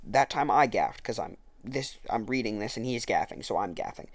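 This gravelly, fairly low male voice is expressive and moves at a moderate pace, with no echo in the recording. Reading out a political speech, he argues against it point by point and catches and fixes his own mistakes along the way.

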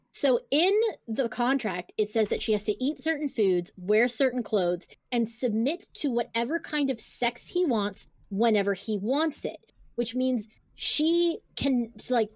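A woman's voice: on the high side, animated, measured pace, no room sound. A woman co-hosting a casual podcast, talking bluntly and swearing freely as she reads book excerpts aloud. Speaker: podcast co-host. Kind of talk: casual chat.

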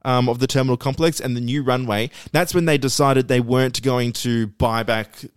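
A man's voice: mid-range voice, fairly even intonation, normal speed, clean tone, dry recording. A man talks through a topic on a casual podcast, patiently explaining point after point. He often restarts and repeats words as he goes. His voice sits in a middle range and the recording is close and dry. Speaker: podcast co-host presenting a segment.

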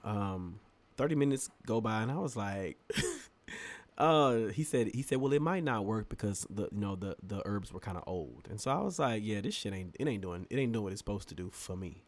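A lowish male voice at normal speed belongs to a podcast co-host in casual chat. He's telling a long, funny tale with animated energy, laughing a lot and voicing what others said.

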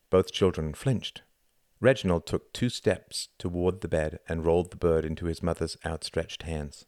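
A man reading an audiobook in a measured, deliberate scripted narration. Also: low voice, fairly even intonation, a little mellow, no room sound, studio quality.

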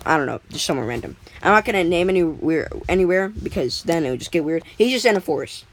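A woman's voice: on the low side, animated, quick pace, low-quality recording. A woman casually making up a story as she goes, rambling with lots of fillers and restarts.

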